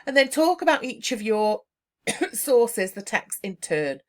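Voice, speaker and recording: A woman teacher talking students through exam tips over slides in a brisk, emphatic, encouraging way. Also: a little high, big pitch swings.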